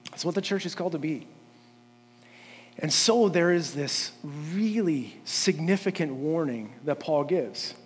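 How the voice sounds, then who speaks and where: Earnest high-voiced pastor in a reverberant hall. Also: male voice, expressive, measured pace, slightly rough. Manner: conversational, frequent "like" fillers and restarts; earnest, building to emphatic points. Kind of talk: sermon. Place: church sanctuary.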